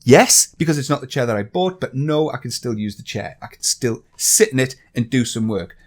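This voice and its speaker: A man's voice: mid-range voice, lively intonation, brisk. An English man on a vlog channel, angrily ranting and swearing with exasperation. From England. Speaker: YouTuber.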